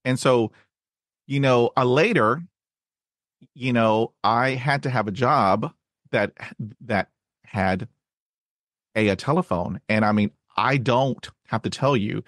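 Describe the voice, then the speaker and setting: A man who stutters, hosting a podcast and sharing his own experience in a halting way, with many fillers and repeated words. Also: mid-range voice, a bit bright, no echo, clean studio sound. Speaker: podcast host. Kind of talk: casual conversation.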